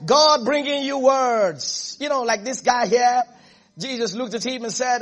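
A man's voice: very high voice, a little slow, a bit bright. A man preaching a sermon as pastor, emphatic, repeating phrases and asking the congregation if they are listening.

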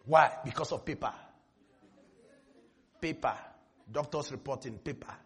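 A man voicing a frightened male churchgoer who pleads quietly and sounds despairing over a medical report. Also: mid-range voice, slow pace, husky, voice pushed down, full character voice.

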